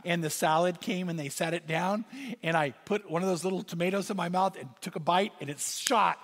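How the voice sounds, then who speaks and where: High-pitched guy preaching, gets excited telling stories, echo from a big hall. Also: fairly quick. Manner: animated storytelling with rising exclamations. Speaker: pastor. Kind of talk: sermon. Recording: reverberant hall sound.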